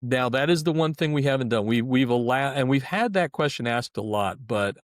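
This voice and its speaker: A middle-aged sports website editor is interviewed as a guest, talking in a folksy, chatty way and often restarting his sentences. His medium-pitched voice is expressive and fairly quick, captured in clean studio sound with no room noise.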